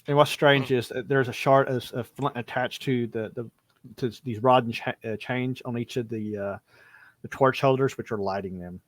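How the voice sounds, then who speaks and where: A man's voice: medium pitch, fairly even intonation, normal speed, dry recording. A man narrating a tabletop horror game as game master, telling the story in a loose, improvised way. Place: home streaming setup.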